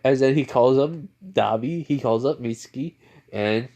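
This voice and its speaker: Young guy making up a fan story as he goes, lots of um and you know, mid-pitch voice. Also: moderate pace, warm tone. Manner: rambling, filler-heavy. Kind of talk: improvised fan fiction narration.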